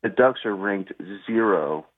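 A man's voice: on the low side, expressive, unhurried, no echo. A man calling in to a radio show, laid-back and grumbling, over a tinny phone line. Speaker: caller. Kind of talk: phone-in chat.

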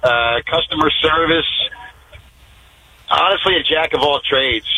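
A man from the Philadelphia area answering interview questions, hesitant with many fillers before warming up. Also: on the high side, measured pace, no room sound, poor audio. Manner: hesitant, many ums, then eager. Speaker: guest, trainee. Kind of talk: casual interview.

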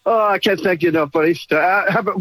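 A man's voice: sits high, fast talker, fairly bright tone, no echo, rough recording. Stammering, emotional male caller. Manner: stammering, repeating words. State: emotional, near tears.

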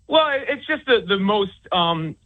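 Over a tinny phone line, a sports author and commentator speaks as a guest on a call-in interview. His voice is high with big pitch swings and a slightly slow pace. He rambles, restarting often and leaning on fillers.

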